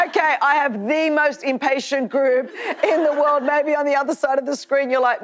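Australian woman, fifties, high voice, animated sermon, laughs often. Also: unhurried. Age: 50s. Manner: animated, joking, with frequent laughs. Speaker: preacher. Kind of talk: lively sermon to a live audience.

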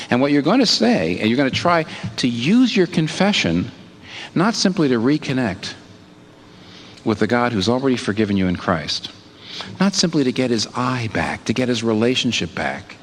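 A man preaching in an expressive voice that swings widely in pitch, from hushed asides to emphatic questions. Long reverb trails his words, with a faint hiss beneath. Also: normal speed. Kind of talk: sermon.

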